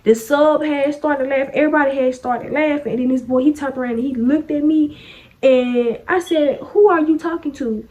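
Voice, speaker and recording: 一位年轻女性的声音偏高，以随意聊天的方式讲述学校里的故事，语气泼辣爽快，时常模仿别人说话的口吻。她的声音高而明亮，叙述流畅，带有生活化的口语感。. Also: female voice, sits high, steady tone, moderate pace, a little mellow. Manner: chatty, sassy, acts out quoted lines. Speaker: vlogger. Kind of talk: casual storytime vlog.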